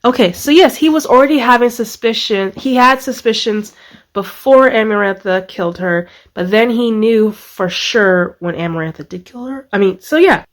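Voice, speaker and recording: A woman book vlogger talking casually to the camera, gushing and excitable, rambling with many fillers and restarts. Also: fairly high pitch. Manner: gushing, excitable, lots of exclamations. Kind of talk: casual reading vlog.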